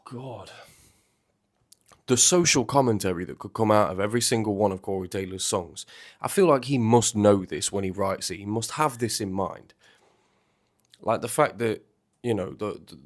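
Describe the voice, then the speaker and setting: A man hosting a music reaction video, chatting in an animated, rambling way and swearing freely. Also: lowish voice. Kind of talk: casual reaction commentary.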